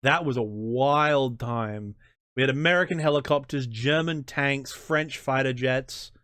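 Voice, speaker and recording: In a relaxed interview, an Australian history-channel host jokes, pokes fun at himself, and stumbles through restarts. His mid-range voice is fairly bright and smooth, recorded at studio quality with no room sound.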